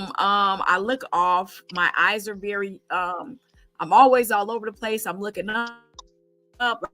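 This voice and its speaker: Bright-voiced, emphatic woman host. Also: mid-range voice, dry recording, rough recording. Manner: emphatic, rhetorical questions, frequent ums and restarts. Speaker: podcast host. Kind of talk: casual conversational interview.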